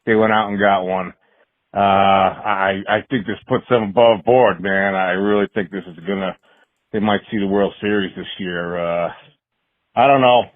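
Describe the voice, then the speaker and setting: A man calls in with a fairly low voice, a little under the weather, chatting in a relaxed, friendly way. The line is dry and tinny like a phone. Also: moderate pace, no echo. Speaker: caller.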